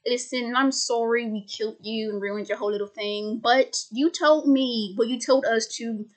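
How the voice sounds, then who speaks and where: A woman's voice: a little high, steady tone, normal speed, lightly acted. A woman voicing a tough young female fighter in her own voice, blunt and stammering.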